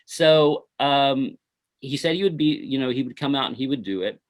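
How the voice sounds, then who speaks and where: In an interview, a middle-aged filmmaker tells stories from his film shoot, rambling and full of "you know" and "uh." His medium-pitched voice is animated and brisk, in a casual storytelling style.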